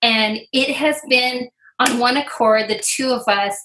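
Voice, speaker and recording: A woman's voice: on the high side, measured pace, a bit bright, a little hiss or hum. A middle-aged woman from Iowa, earnestly telling her faith story as an interview guest, with many fillers. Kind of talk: personal testimony.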